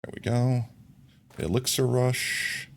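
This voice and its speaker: A man streaming a game live, chatting in a relaxed, rambling way and thinking aloud to his viewers. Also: mid-range voice, slow, gravelly. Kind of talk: casual gameplay chat.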